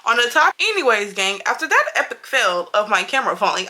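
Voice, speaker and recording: Fast-talking with hardly any pauses, this beauty vlogger has a mid-range, expressive, sharp-toned voice. In her casual makeup review and storytime she chats emphatically, says things more than once, and speaks straight to her viewers.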